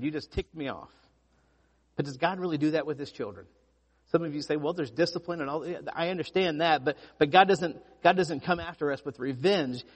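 A pastor preaching a sermon, telling stories with lively emphasis and frequent restarts. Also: male voice, on the high side, long reverb tail. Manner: animated storytelling with repeated restarts.

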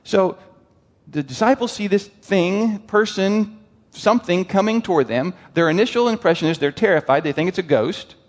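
A man delivers a sermon, animated and questioning his listeners. His voice sits a little high. The sound rings with a long hall reverb. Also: normal speed. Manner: animated, asks the crowd questions, lively quoted voices. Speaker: preacher.

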